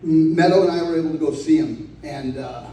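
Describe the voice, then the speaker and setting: A man's voice: on the high side, a little fast, mellow, slight background noise. Man telling stories in an echoey hall. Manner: rambling, laughing often, swears. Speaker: eulogy speaker. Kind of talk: casual storytelling eulogy. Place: large echoey room from afar. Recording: echoey hall, distant mic.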